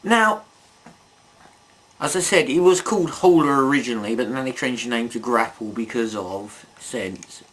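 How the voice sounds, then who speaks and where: A man's voice: medium pitch, moderate pace, fairly bright tone. A man reviewing toys in a casual video, rambling and chatty, full of asides and self-mocking jokes. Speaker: toy reviewer.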